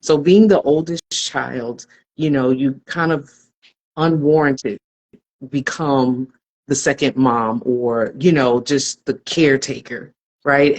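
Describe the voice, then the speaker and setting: A woman's voice: a bass voice, darkish tone, rough recording. A woman who is a podcast guest, telling a personal story in an earnest, reflective and emotionally open way.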